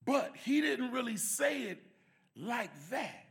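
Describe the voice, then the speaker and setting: A man giving an emphatic church testimony and prayer, swinging from shouts to soft prayer. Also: extremely high pitch, expressive, unhurried, gravelly.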